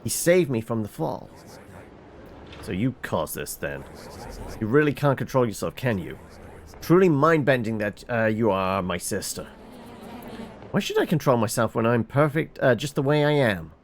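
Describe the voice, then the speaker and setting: A man reads through a game's dialogue himself, voicing each character with lots of ups and downs in his pitch. He stumbles now and then with fillers and restarts. A faint hiss sits under the voice. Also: very animated, measured pace, long pauses. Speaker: game reviewer reading dialogue. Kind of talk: reading game dialogue aloud.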